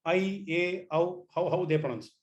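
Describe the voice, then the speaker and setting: A man teaches an online class, his voice sitting a little high. He restarts phrases often and coaxes his students to repeat the sounds after him. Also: moderate pace, highs cut off. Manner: repeats words, asks students to try sounds.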